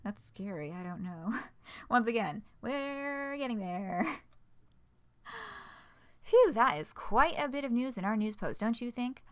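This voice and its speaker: A woman's voice: a little high, big pitch swings, a little slow, long pauses. A woman streamer reading a fan project announcement aloud, breaking off for playful, dry asides.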